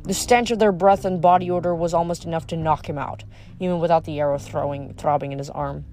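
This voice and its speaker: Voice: mid-range voice, fast. Audiobook reader over faint music. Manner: even, steady narration with small slips. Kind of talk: reading a novel aloud.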